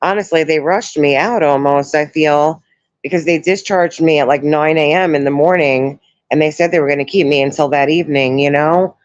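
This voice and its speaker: A woman in her thirties chatting on a live stream from home, sore after surgery, soft and emotional as she thanks her viewers. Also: low voice, moderate pace, no room sound. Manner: soft, emotional, greets chat viewers warmly. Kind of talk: casual live stream chat. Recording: dull lo-fi stream audio.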